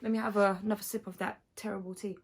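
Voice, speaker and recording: Slightly hoarse woman at a medium pitch, a tradesperson talking through details in a chatty vlog. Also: little pitch movement, fast talker. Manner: chatty, many fillers, explains step by step. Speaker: electrician. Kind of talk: casual explanatory vlog.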